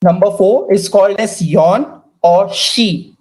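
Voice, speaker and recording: A woman teaching a language class, repeating each word slowly and drilling pronunciation. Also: medium pitch, a little mellow, rough recording. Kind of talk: slow, careful language lesson.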